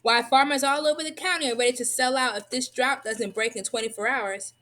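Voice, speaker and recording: A scheming, greedy farmer neighbor, put on by a woman reader for a storybook. He talks in a sly, folksy, taunting drawl. The voice sits fairly high. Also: fairly even intonation, fairly quick, fairly bright tone, natural voice.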